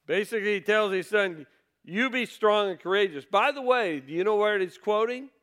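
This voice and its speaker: A man's voice: high voice, normal speed, a bit bright. A man preaching a sermon in a conversational way, reading scripture aloud and asking his listeners rhetorical questions. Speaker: pastor.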